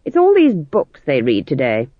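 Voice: medium pitch, wildly swooping pitch, normal speed, no room sound. Brief: severe old witch, read by the narrator, icy and cutting, dry tinny recording. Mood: scornful. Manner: cold and cutting, speaks quietly with contempt. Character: proud stern old witch woman, cold and severe. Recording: tinny phone-like audio, dry.

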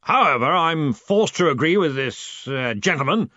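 A man voicing a pompous older head wizard in an audiobook, with a loud, blustery manner. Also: a little high, animated, normal speed, no room sound, highs cut off, voice pushed up. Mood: stiff.

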